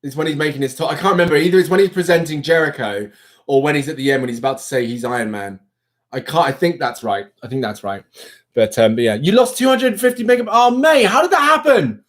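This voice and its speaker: A young man hosting a livestream, chatting casually with viewers in an animated, rambling way. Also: a little high, fast talker. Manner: chatty, animated, self-interrupting. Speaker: livestream host. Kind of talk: casual live chat with viewers.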